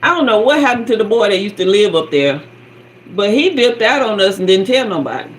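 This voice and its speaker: A woman host telling a personal story in a sassy, animated way, acting out sounds and quoted dialogue. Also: mid-range voice, fairly quick, low-quality recording. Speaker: spiritual guide and channel host.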